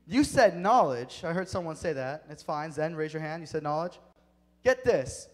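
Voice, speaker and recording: A man preaching a sermon to a youth group, energetic and emphatic, speaking straight to the kids. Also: high voice. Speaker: youth pastor. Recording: long hall reverb.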